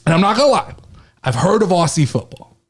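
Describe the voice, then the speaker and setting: An excitable man co-hosts a casual sports podcast. His voice sits high and moves around a lot, and his storytelling has plenty of energy. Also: fairly quick, husky. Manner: excitable, animated storytelling with swearing. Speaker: podcast co-host.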